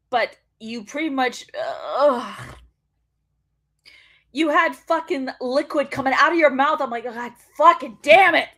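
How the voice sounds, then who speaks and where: A woman's voice: sits high, a bit bright. A woman hosting a wrestling show, ranting in casual commentary, swearing freely and laughing often.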